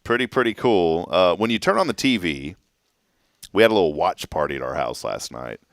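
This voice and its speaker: A man's voice: low voice, fairly quick, no room sound, studio quality. A man hosting a morning show, chatting casually and joking as he reads listener comments. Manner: jokey, animated, laughs while reading listener comments. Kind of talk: casual chat.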